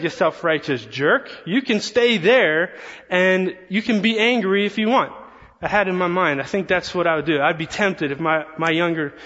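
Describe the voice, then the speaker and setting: A man preaching a sermon, earnest and animated, telling a story with quoted asides. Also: a little high. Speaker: pastor. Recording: long reverb, slightly dull sound.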